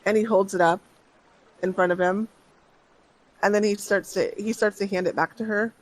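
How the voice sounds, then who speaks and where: A game master narrating a tabletop game at an easy, unhurried pace. The delivery is halting, with phrases often restarted and trailing off before picking back up. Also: mid-range voice, fairly even intonation, poor audio. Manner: unhurried, hesitant, restarts with many fillers.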